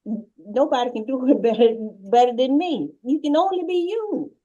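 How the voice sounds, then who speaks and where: A woman on a casual podcast speaks earnestly and encouragingly. Her voice sits a bit high for a woman. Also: lively intonation, moderate pace, mellow, muffled recording. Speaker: podcast co-host. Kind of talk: casual chat.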